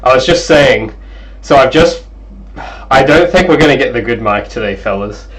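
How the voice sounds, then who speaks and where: Young male streamer, chatty and excitable, mid-range voice, cheap headset mic. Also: mid-range voice, moderate pace, low-quality recording. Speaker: game developer streamer. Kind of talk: casual livestream chat. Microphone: cheap gaming headset mic.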